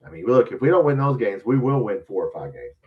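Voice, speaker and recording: A podcast host living in Louisiana rants casually about sports, offering blunt, profane, rambling opinions. His voice is lowish with big pitch swings and a fast pace, recorded from a distance with narrow, tinny audio.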